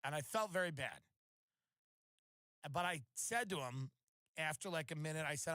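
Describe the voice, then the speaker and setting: A man's voice: a little high, measured pace, pauses often, bright, forceful tone, no echo. A man hosting a podcast, telling comedic stories in a sardonic, mock-outraged monologue. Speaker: podcast host.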